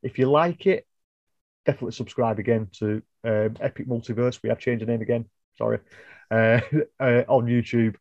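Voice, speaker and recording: Male podcast co-host; mellow, rambling, self-correcting; dry, dull call audio. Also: medium pitch, steady tone, moderate pace, no room sound. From United Kingdom. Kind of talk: casual podcast chat.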